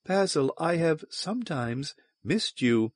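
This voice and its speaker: A man's voice: on the high side, very animated, unhurried, no room sound, pitched above the performer's own voice. Man voicing a purring, cruel sorceress. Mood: teasing, soft. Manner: soft, purring, playful and cruel. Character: seductive, mocking alien sorceress woman.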